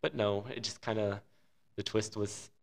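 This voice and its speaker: Low-voiced man reviewing a film casually. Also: moderate pace, vocal fry. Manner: rambling, enthusiastic opinions. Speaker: podcast co-host.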